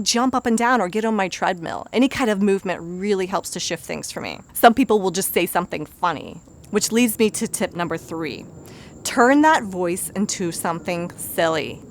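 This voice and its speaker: A woman, a busy mother in her thirties, giving earnest, conversational self-help advice as a life coach. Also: mid-range voice. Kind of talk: motivational self-help talk.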